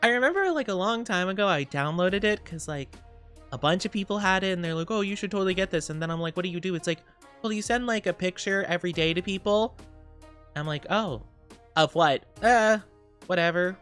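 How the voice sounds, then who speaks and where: A woman's voice: fairly low pitch, lively intonation, fairly quick, fairly bright tone, clean tone, soft background music. A woman streaming live, chatting casually and reading chat, giggly and rambling, her voice slightly scratchy today. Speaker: VTuber streamer.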